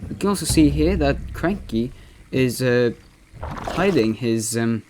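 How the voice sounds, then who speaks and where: A man's voice: mid-range voice, animated, takes it slowly, a little mellow, faint music behind. A man putting on an impression of a video game caster, commenting on a replay with many fillers and self-corrections. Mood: upbeat commentary.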